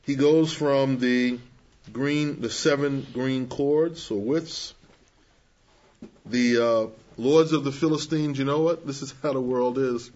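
A man preaching to young people, measured and emphatic, acting out the people he quotes. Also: medium pitch, steady tone, darkish tone, highs cut off. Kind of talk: sermon.

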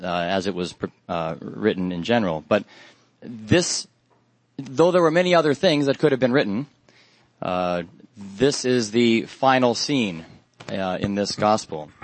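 A man giving an expository Bible study sermon, earnest and halting, lifting his voice on quoted questions. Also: lowish voice, animated, no room sound, poor audio. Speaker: Bible teacher.

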